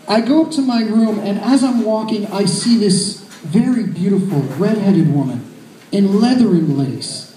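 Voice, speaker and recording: A man's voice: sits high, animated, normal speed, warm tone, a little hiss or hum. A man in his thirties telling a crude, self-mocking story as a stand-up comedian. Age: 30s. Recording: roomy echo.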